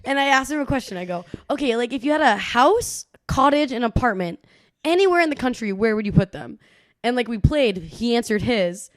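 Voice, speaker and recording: A woman's voice: fairly high pitch, brisk, no echo. A young woman co-hosting a podcast in casual chat, telling stories with lots of acted-out quotes and frequent laughter. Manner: animated storytelling, acts out quotes, laughs often. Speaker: podcast co-host.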